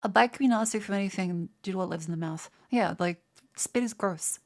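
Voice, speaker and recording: An Australian woman streamer with a brisk, mid-range voice reads out viewer comments in casual live-stream chat. She's profane and rambling, stammering and restarting often.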